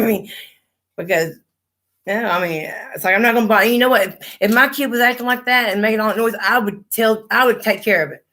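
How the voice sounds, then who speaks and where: A woman's voice: mid-range voice, fairly bright tone. A middle-aged woman, chatting on a livestream and telling blunt, profane stories. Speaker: livestream host. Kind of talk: casual chat.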